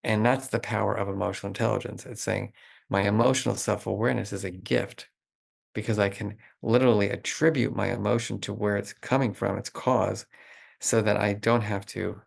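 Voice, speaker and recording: A middle-aged man talking as a guest expert in an interview, animated and explanatory, with lots of "like" fillers. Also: on the low side, gravelly. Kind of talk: conversational interview.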